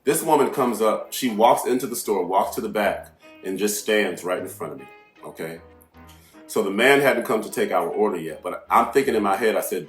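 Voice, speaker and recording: A man's voice: on the low side, normal speed. Brash, profane man in an echoey room. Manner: brash, profane, animated storyteller who swings into loud outbursts. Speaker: astrology channel host. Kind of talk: casual storytelling monologue. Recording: echoey room with faint music behind.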